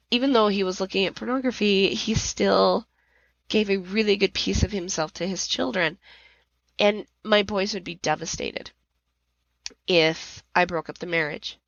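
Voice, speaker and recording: A woman's voice: on the low side, no room sound, highs cut off. A middle-aged woman hosting a podcast, telling a personal story with strong emotion and reliving her anger in raised outbursts. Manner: emotional, rising to near-shouting when reliving anger. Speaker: podcast host.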